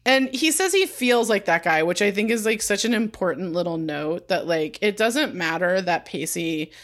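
A woman's voice: on the low side, expressive, normal speed. A woman in casual chat as a podcast co-host, talking in a loose, filler-heavy way and acting out quoted lines. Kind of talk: casual chat recapping a TV episode.

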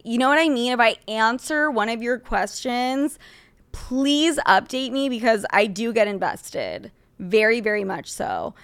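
A woman's voice: medium pitch, creaky, dry recording. A young woman hosting an advice podcast, talking bluntly and with lots of swearing as she answers listener letters. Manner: blunt, profane and animated, reading listener letters aloud. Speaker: podcast host. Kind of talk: casual podcast advice chat.

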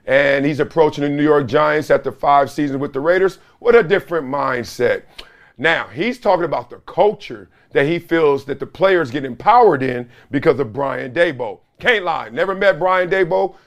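Hosting his own sports commentary show, a middle-aged man speaks hoarsely in a fairly high voice, sarcastic and animated, with loud whoops.

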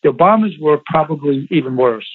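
A former Navy SEAL, interviewed as a guest over a tinny phone line, tells stories emphatically and repeats himself. His male voice is on the high side, animated and brisk, with slight background noise.

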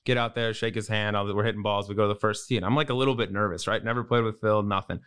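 A man co-hosting a casual chat show, telling a golf story with easygoing, quick reactions. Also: fairly low pitch, steady tone, fairly bright tone, clean tone. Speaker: podcast co-host.

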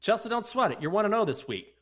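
Animated male betting podcast co-host. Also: high-pitched, fast talker. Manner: animated, self-deprecating banter. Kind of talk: casual sports betting chat.

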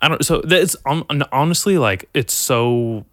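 A man's voice: mid-range voice, expressive, moderate pace, fairly bright tone, no echo, clean studio sound. A man chatting casually on a podcast, a rambling, self-deprecating storyteller who swears freely. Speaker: podcast co-host.

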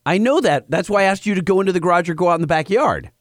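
A man's voice: high-pitched, racing, dry recording, clean studio sound. A man co-hosting a podcast in casual chat, teasing a guest. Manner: teasing, animated. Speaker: podcast co-host.

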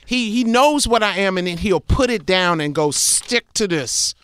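A woman comedian telling stories in a casual interview, brash and profane, very animated. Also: mid-range voice, moderate pace, clean tone, dry recording. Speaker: guest, comedian.

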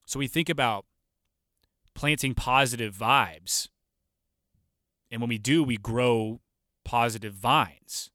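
A man hosting a podcast, telling a story in a loose, animated way and now and then acting out the people in it. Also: medium pitch, slow pace, long pauses, dry recording, clean studio sound. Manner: warm, animated, loose and profane, mimics voices in anecdotes. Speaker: podcast host. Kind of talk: casual storytelling monologue.

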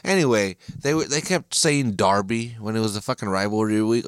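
A man's voice: on the low side, a little fast, smooth, no room sound, clean studio sound. Profane American man ranting on a podcast. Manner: profane, frustrated, ranting with frequent restarts. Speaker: podcast host. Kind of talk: solo casual podcast rant.

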